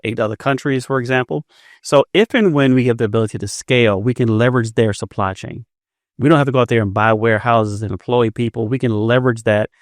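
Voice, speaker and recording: Man, fifties, quick storytelling pace, dry close mic, podcast guest. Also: mid-range voice, dry recording. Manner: fast, repeats words when starting sentences. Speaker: entrepreneur guest. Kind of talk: casual interview storytelling.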